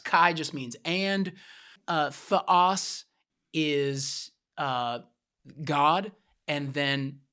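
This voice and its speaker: A man's voice: fairly high pitch, steady tone, very slow, pushed and bright, clean tone. A man co-hosting a podcast, patiently teaching a point with plain everyday examples. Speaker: podcast co-host.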